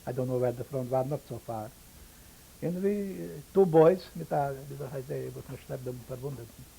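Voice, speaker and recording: An older man whose first language is Yiddish, giving oral history testimony in halting English and pausing to search for words. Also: medium pitch, gravelly, dark tone, a little hiss or hum, poor audio. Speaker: interviewee, survivor.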